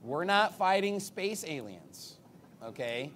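A combative male preacher whose voice sits slightly high for a man. He swings between loud, punchy bursts and low, muttered asides, pressing every point hard and adding sarcastic jabs. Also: sing-song, slow, slight background noise. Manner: big swings in pitch and loudness. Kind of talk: sermon.

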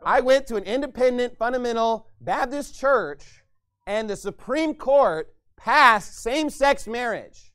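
A man's voice: extremely high pitch, lively intonation, measured pace, fairly bright tone, smooth. A man preaching a sermon as pastor, ranting and mocking others in put-on voices.

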